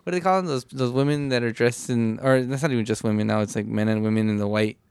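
A man's voice: mid-range voice, quick pace, darkish tone, clean tone, dry recording. A man in casual podcast chat, hesitant and searching for his words.

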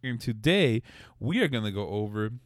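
A man's voice: fairly low pitch, very animated, normal speed, dry recording, clean studio sound. A young man from Los Angeles hosting a casual podcast, joking, laughing and swearing playfully. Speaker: podcast host. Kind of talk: casual chat.

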